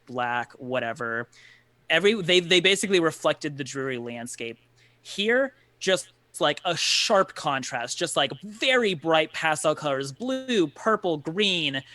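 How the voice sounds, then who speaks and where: A man's voice: fairly high pitch, sharp tone, no room sound. A man narrating a tabletop game as game master, rambling with lots of filler words.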